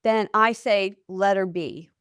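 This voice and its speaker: A woman's voice: medium pitch, steady tone, takes it slowly, smooth, dry recording, studio quality. A middle-aged woman, a nurse hosting a podcast, asking questions and telling anecdotes from her nursing work. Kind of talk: conversational podcast interview.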